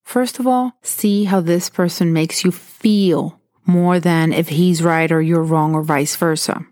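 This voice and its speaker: A woman with a fairly low, somewhat mellow voice gives a personal advice talk, speaking a little slowly with fairly even intonation. She is earnest and candid, drawing on stories from her own life, and the studio recording is clean with no room sound.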